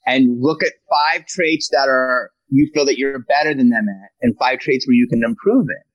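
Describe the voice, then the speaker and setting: Male comic guest, lively storyteller, dry close sound. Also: medium pitch, moderate pace, no room sound, lo-fi sound. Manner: animated storyteller, slips into character voices. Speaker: guest comedian. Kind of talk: casual podcast chat.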